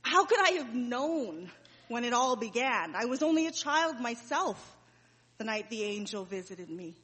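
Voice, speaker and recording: A grieving mother, played by a woman, speaks in a fairly high voice with slow, heavy pauses. The monologue rings out with a long reverberant hall tail. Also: very animated, fairly bright tone, slightly rough, full character voice. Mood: sorrowful. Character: Mary, grieving mother recalling her son's death. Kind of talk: dramatic monologue.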